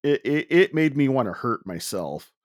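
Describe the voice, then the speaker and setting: A man's voice: medium pitch, sing-song, dry recording, clean studio sound. A man co-hosting a casual movie review podcast, talking candidly with frequent restarts. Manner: halting, lots of restarts and fillers, candid. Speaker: podcast co-host.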